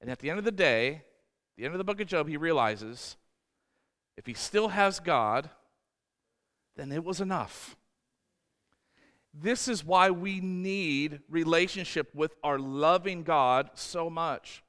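A man's voice: a little high, expressive, slow, long pauses, fairly bright tone, long reverb tail. A man preaching a sermon as pastor, emphatic and repeating words, often acting out voices in quotes. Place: church.

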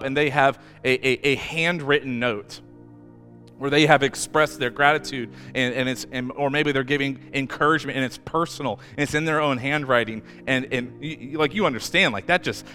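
A man's voice: on the high side, bright, forceful tone. A man preaching a sermon as a pastor, talking in a loose, conversational way full of restarts and growing emphatic when he reads scripture aloud. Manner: conversational and halting, with many restarts, building to emphatic scripture reading. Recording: long reverb with faint music.

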